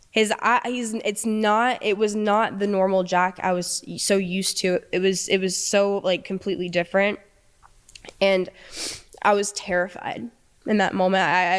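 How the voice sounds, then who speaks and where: A young woman, a guest in an interview, telling a personal story in a hesitant, halting way. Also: mid-range voice, clean tone. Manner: hesitant, halting, many fillers.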